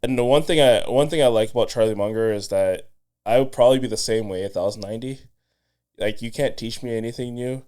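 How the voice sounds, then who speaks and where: A man hosting a podcast in relaxed, conversational chat, musing aloud. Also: medium pitch, fast, clean tone. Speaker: podcast host.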